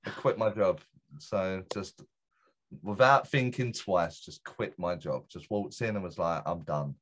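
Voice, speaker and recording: Here a middle-aged guest medium and teacher, with a low, fairly bright voice, rambles through a personal story at a measured pace, interview-style. His telling is casual and loaded with fillers, self-corrections, and false starts, over slight background noise.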